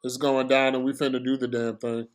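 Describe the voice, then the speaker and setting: A young man giving casual, slangy live commentary on a boxing match for his stream, excitable and prone to bursts of shouting. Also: medium pitch, a little fast, clean tone.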